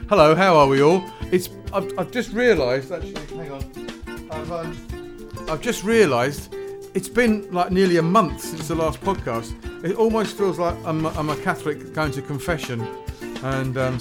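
This man's voice sits high and sounds animated, though he keeps a measured pace. Alone on his own music podcast, he chats casually, rambling, running himself down, and restarting sentences amid lots of fillers.

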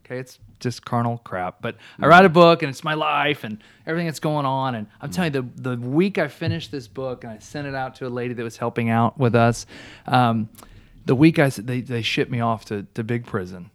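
A man telling his personal testimony in a casual talk, an animated storyteller who restarts often and laughs along the way. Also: mid-range voice, a little fast.

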